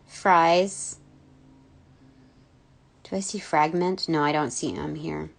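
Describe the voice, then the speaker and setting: A woman's voice: low-pitched, steady tone, slow, creaky. A woman giving a casual intuitive reading, rambling with many fillers and giggles. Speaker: spiritual reader.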